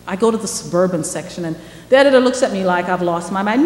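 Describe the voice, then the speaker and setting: A woman giving a lecture about her reporting days. She tells it as a lively story and acts out the dialogue. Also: medium pitch, quick pace. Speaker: guest lecturer, former newspaper reporter. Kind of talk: first-person storytelling lecture. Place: lecture hall. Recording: echoey hall with faint background noise.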